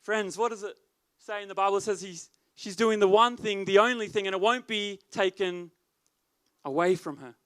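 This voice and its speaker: A man's voice: high voice, moderate pace, a bit bright, clear, resonant tone. A man preaching as youth leader, with emphatic, repetitive delivery. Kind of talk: sermon.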